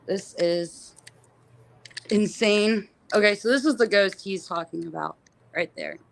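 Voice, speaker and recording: A woman on a live paranormal investigation, talking to her viewers in a hushed, uneasy way while cold and shivering. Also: medium pitch, a little slow, gravelly, distant mic, rough recording.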